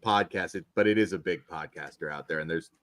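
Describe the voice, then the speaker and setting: A man's voice: sits low, fairly quick, fairly bright tone. A man hosting a casual horror film review podcast, rambling with frequent restarts. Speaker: podcast host.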